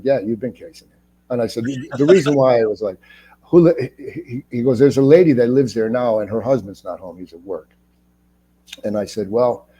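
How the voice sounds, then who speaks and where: A man in his sixties, from Ohio, chatting as an interview guest and telling lively stories in which he acts out other people's lines. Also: fairly low pitch, breathy edge. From Ohio, United States. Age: 60s. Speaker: actor, guest. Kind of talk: casual interview storytelling.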